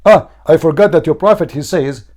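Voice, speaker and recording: Hoarse, high-voiced man debating and mocking. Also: brisk, darkish tone. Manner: mocking, insistent, repeats questions. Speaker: debate show host. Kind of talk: heated live debate.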